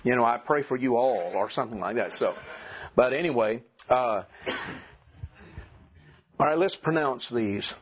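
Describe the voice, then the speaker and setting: Southern male teacher, slow, husky voice, dull lo-fi classroom tape. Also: mid-range voice. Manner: slow, deliberate, drills pronunciation. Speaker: Greek teacher. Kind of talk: classroom lecture.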